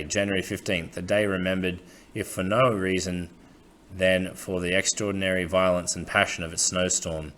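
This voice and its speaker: Low-voiced man narrating a story. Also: fairly bright tone. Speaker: audiobook narrator. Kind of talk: scripted narration.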